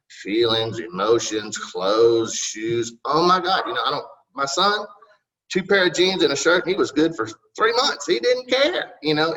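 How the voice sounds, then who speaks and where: A man's voice: lowish voice, pushed and bright. A middle-aged man, a city council candidate answering interview questions in a rambling, folksy and polite way. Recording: distant, muffled recording.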